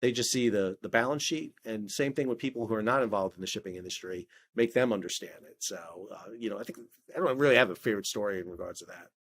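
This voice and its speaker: Speaking fast in a lowish voice over slight background noise, this middle-aged man is a former ship officer turned maritime expert and video creator. As an interview guest he tells stories animatedly, frequently restarting and performing the dialogue he quotes.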